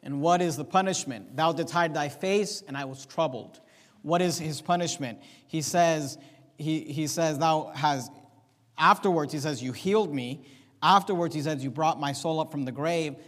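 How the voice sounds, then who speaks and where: A man preaching a sermon, reading Bible verses aloud and explaining them to his congregation, often slowing down and swelling for emphasis. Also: a little high. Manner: preaching with Bible readings, varying pace and loudness. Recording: long reverb of a hall.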